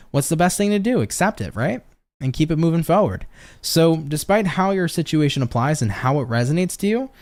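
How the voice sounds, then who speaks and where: An upbeat man from the United States hosts a casual live-stream tarot reading. His voice sits a little high for a man and swings widely in pitch. He talks with loose swearing and pep-talk catchphrases, and he chats with viewers between cards. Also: a little mellow. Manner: chats with viewers and reads their comments.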